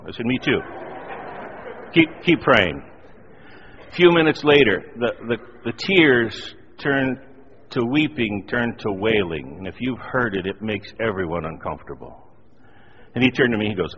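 A middle-aged man preaching a sermon, telling a personal story with animated, self-deprecating humor. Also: fairly low pitch, normal speed, husky. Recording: dull lo-fi audio in a reverberant hall.

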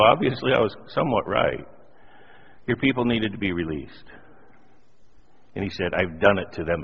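Husky preacher telling a story in a hall. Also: male voice, deep voice. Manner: animated storyteller, self-deprecating humor. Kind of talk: sermon with personal story. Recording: dull lo-fi audio in a reverberant hall.

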